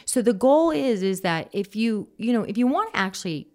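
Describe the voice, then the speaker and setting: A woman giving parenting advice in casual conversation, animated and often acting out soft, low quoted voices. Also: a little fast. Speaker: parenting expert.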